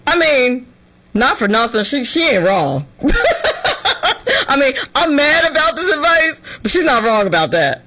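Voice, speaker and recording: Woman talk host, sarcastic and exasperated, voice swooping widely, bright and forceful. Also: high-pitched, big pitch swings, normal speed, low-quality recording. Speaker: radio show host. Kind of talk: opinionated talk-show commentary.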